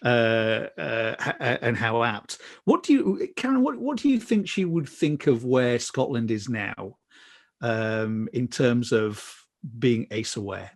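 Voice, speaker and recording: A man hosting a memorial conversation on a video call, speaking gently with many fillers and hesitations. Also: medium pitch, very animated, slow, no echo, clean studio sound. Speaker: host.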